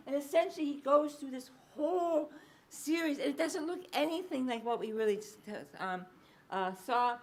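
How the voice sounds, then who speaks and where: A woman giving a public lecture as a researcher, explaining findings in a lively storytelling way, with frequent ums and uhs. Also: high-pitched, moderate pace. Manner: lively anecdotal storytelling, acting out quoted speech.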